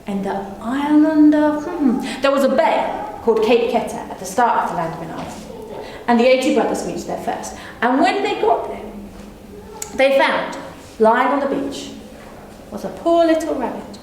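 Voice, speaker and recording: A woman's voice: sits high, lively intonation, moderate pace, a little mellow. A woman storyteller performing live for a small audience, playful and teasing. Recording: echoey room with faint hum.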